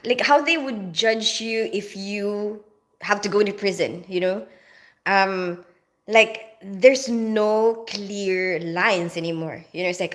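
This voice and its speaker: A woman's voice: medium pitch, slow. A woman from the Philippines, chatting casually on a livestream, reading out comments in a rambling way and laughing often. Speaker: nurse and livestream host reading viewer comments.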